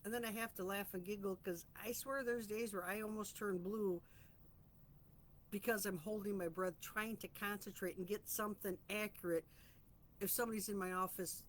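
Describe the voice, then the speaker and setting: A woman hosting a weekly reflection vlog, talking in an earnest, chatty, reflective way about calm and boundaries, stretching out phrases for emphasis. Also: medium pitch, moderate pace, a little hiss or hum. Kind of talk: casual spiritual self-help musing.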